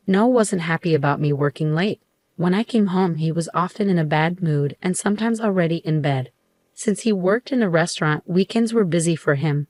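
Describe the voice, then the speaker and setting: A middle-aged woman telling a first-person story in a steady, measured way. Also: lowish voice, no echo. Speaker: narrator.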